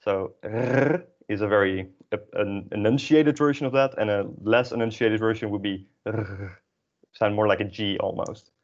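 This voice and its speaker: Young Dutch-accented male tutor, a bit low-pitched, self-deprecating explainer, dull lo-fi recording. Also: steady tone, fairly quick, few pauses. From Netherlands. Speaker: language teacher. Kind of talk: online beginner language lesson. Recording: dull lo-fi audio.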